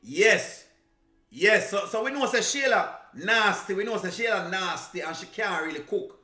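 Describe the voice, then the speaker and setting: A man's voice: high voice, expressive, normal speed, pushed and bright, reverberant, soft background music. A man from Jamaica with a Jamaican accent, chatting casually on a live stream, teasing and laughing and slipping into patois. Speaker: reaction streamer.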